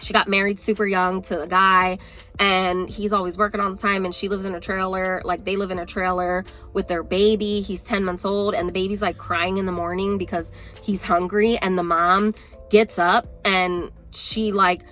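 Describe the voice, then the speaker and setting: A young woman talks casually to the camera as a book vlogger, her voice at a middle pitch. She rambles along with lots of filler words. Faint music plays underneath. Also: level tone, moderate pace, a bit bright. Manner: chatty, rambling, many "like" fillers. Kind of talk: casual chat.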